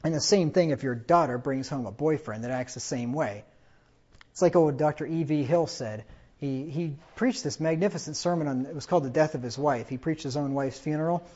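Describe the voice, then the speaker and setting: A man's voice: fairly high pitch, a little fast, a little mellow, breathy edge, muffled recording. A man preaching a sermon in a conversational way, often asking "right?" and acting out the dialogue of stories he tells. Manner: conversational, with tag questions and quoted dialogue.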